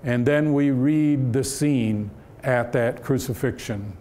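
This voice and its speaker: Slow, measured male Bible lecturer. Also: medium pitch, dark tone. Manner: measured, explanatory, frequent "uh" fillers. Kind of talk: church Bible-study lecture. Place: church hall.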